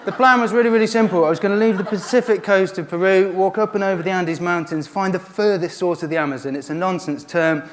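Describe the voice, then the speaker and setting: Male guest speaker, humorous, relaxed anecdotes, a touch high in pitch. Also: fast, hardly any pauses. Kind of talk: inspirational talk.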